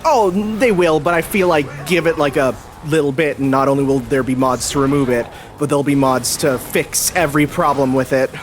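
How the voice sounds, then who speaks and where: A man's voice: fairly high pitch, moderate pace, hardly any pauses, soft background music. A young man chatting enthusiastically while commentating a video game, with lots of fillers. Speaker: host. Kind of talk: casual gameplay commentary.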